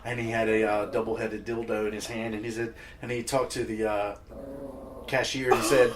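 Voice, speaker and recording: A man appearing as a podcast guest, telling stories in a relaxed way and laughing often. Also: fairly low pitch, normal speed, slight background noise. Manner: easygoing storyteller, laughs often. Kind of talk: casual chat.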